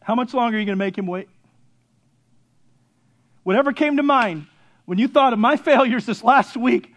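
Brief: man in his 50s, high-pitched pastor, fervent sermon delivery, soft to loud swings. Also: normal speed, long pauses.

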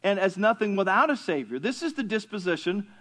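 A man's voice: high voice, very animated, a little fast, a bit bright. A pastor teaching a Bible class in a conversational sermon style, asking his listeners questions and joking with them.

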